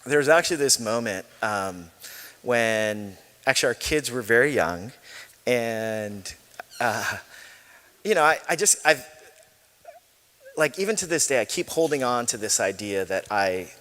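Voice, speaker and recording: A man's voice: mid-range voice, animated, a little slow, long pauses, bright, forceful tone. A man in his forties preaching a sermon as pastor, chatty and self-deprecating, telling stories with laughs. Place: church sanctuary. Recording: long hall reverb.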